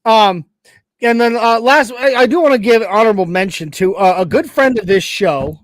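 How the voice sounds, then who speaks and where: A man's voice: high voice, moderate pace, a little hiss or hum. A man co-hosting a casual sports talk show, reading viewer comments in an emphatic, chatty way with many restarts. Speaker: co-host reading chat.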